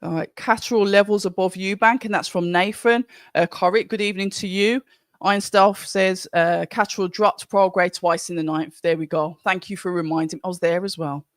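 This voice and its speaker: A live-stream host with a Birmingham accent talks through a boxing watch-along in an easygoing, rambling way, often restarting sentences. The voice sits in a middle pitch. The recording is dry and close, with no room echo. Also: steady tone, moderate pace. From Birmingham, England. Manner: chatty and rambling, with frequent restarts. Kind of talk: casual live-stream commentary, reading out chat.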